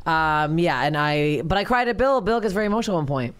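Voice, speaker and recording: Fast, brash, foul-mouthed woman host. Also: sits low, clear, resonant tone. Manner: brash, swears a lot, laughs easily. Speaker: podcast host. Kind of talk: casual chat.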